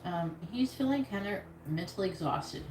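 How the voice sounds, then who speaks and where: A woman's voice: mid-range voice, expressive, moderate pace. A woman giving a live tarot reading in a casual, blunt way, swearing freely. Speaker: tarot reader. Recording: echoey room with noise.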